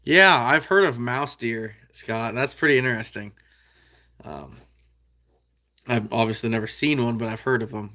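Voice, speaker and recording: A man's voice: medium pitch, normal speed, long pauses, sharp tone. Chatty man answering live chat. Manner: chatty, laughs often, answers viewers by name. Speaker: trapping channel host reading live chat. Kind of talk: casual live-stream chat.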